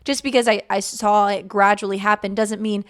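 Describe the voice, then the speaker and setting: A woman's voice: medium pitch, flat delivery, normal speed. A young woman hosting a faith podcast, talking casually and rambling with lots of fillers, animating her retold thoughts. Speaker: podcast host.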